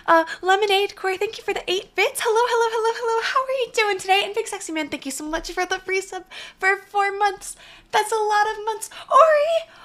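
A young woman streaming from a small bedroom alcove, chatting casually and thanking viewers effusively, her voice slightly hoarse. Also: very high voice, fairly bright tone. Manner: bubbly, effusive thanks to chat. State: slightly hoarse, voice partly gone. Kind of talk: casual live-stream chat.

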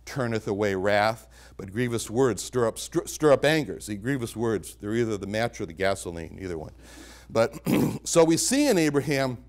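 A man's voice: mid-range voice, a little mellow. A man preaching a sermon, teaching from the Bible with emphatic repetitions. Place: church chapel.

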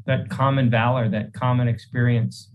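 Earnest man speaking in a flat, even tone. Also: mid-range voice, slight background noise, rough recording. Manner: earnest, halting with repeated restarts. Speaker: state senator hosting a meeting. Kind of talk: formal public remarks.

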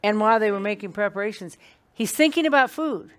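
A woman teaching an evening Bible class to a small group in a meeting room, talking in a lively, conversational way and putting questions to the class. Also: medium pitch, quick pace.

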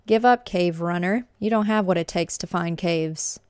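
A woman voicing a scornful, gruff male capybara trader from a game, reading his lines aloud. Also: fairly low pitch, moderate pace, darkish tone, close to an everyday voice. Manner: dismissive and scornful.

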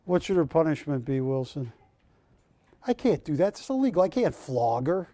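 A man's voice: a little high, sing-song, moderate pace, dark tone, dry recording. A man hosting a live shopping channel, joking with the crew and counting prices down. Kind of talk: live TV sales pitch and banter.

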